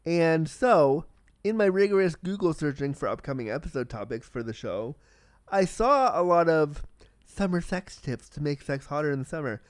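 Profane excitable podcast host man. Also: fairly high pitch, moderate pace, dry recording, studio quality. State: slight cold. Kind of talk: casual solo podcast monologue.

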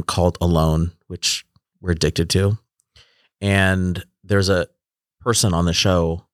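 A man's voice: low-pitched, no echo, studio quality. A man in his forties talking in a reflective, casual conversation, often trailing off and restarting his sentences. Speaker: podcast host.

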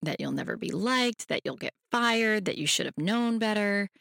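A podcast host who gives a self-help talk in a gentle, reassuring way and speaks straight to the listener. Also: medium pitch, expressive, moderate pace, gravelly, dry recording, clean studio sound.

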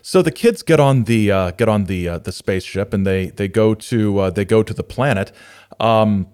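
Hesitant lower-voiced man reading aloud. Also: normal speed, smooth. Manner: hesitant, many fillers, lively when reading verse aloud. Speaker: podcast host. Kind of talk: casual commentary and storybook reading.

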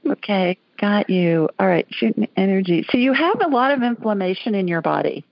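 A woman's voice: medium pitch, sing-song, moderate pace, gravelly, no room sound, lo-fi sound. A woman from Alabama hosting a call-in radio show, talking in a chatty, folksy way. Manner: chatty, folksy, laughs easily. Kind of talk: casual call-in chat.

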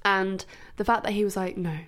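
A woman's voice: on the low side, moderate pace. A young woman, co-hosting a podcast and telling personal stories in casual, candid chat. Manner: candid, chatty, storytelling. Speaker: podcast co-host.

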